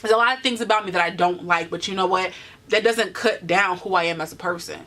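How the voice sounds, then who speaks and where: A woman's voice: on the low side, fast, pushed and bright. A woman in her twenties talking earnestly to camera in a vlog, encouraging her viewers with many "you know" fillers. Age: 20s. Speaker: vlogger. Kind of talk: heartfelt talk to camera.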